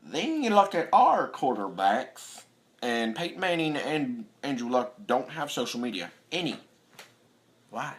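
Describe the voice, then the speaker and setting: A young man vents as a sports fan vlogger in a bright, forceful voice. He swears freely and slips into mocking impressions of players. His delivery stays animated throughout. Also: mid-range voice, unhurried. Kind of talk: profane sports rant.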